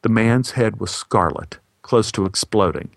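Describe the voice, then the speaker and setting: A male actor telling a personal story as a monologue, in a wry, measured way with deadpan humor. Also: fairly low pitch, creaky, no room sound, studio quality.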